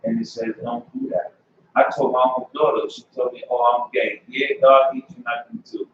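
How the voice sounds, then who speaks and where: A man's voice: medium pitch, steady tone, normal speed, fairly bright tone, a little hiss or hum. A man giving an emphatic personal testimony in a class, acting out what family members said to him. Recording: echoey room, far from mic, dull lo-fi.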